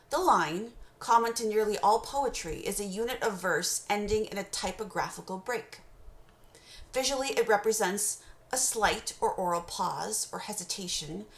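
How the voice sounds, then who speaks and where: Woman giving a measured poetry lecture. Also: medium pitch, roomy sound. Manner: measured, explanatory, reads poem excerpts slowly aloud. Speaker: teacher. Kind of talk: recorded course lecture.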